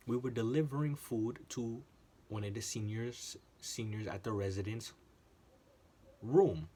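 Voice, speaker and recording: A man telling a workplace story in a casual, animated monologue, often repeating himself for emphasis and swearing. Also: fairly low pitch, a little slow. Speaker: channel host.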